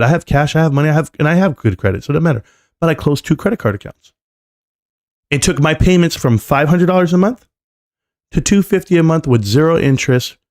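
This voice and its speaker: A middle-aged man hosting a live stream from home, ranting in a casual way and talking straight to his chat. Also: medium pitch.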